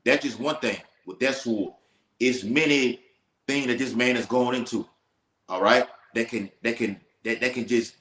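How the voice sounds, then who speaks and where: A man's voice: mid-range voice, normal speed, a bit bright. A man teaching scripture in an emphatic, preacherly way, checking in with "all right?". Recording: echoey room.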